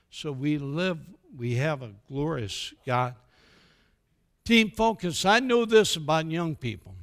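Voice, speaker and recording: An older American man, speaking in a fairly high voice, tells stories to a church gathering. He acts out each quoted exchange, and his talk drifts into a warm, sermon-like message. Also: gravelly. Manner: animated storyteller who acts out quoted dialogue. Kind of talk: storytelling speech with a sermon tone.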